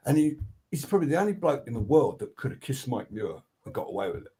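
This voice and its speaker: A man's voice: medium pitch, fast talker. An older man, a guest record producer telling casual studio anecdotes, swearing freely, restarting his sentences and acting out what people said. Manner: animated, swears freely, acts out quotes; many restarts and fillers.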